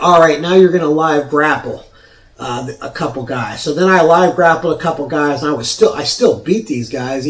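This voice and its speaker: Host, man in his forties, swearing storyteller, slightly high voice, recorded at a distance. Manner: profane, rambling, frequent restarts. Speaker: show host. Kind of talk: personal storytelling. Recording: roomy sound from off mic.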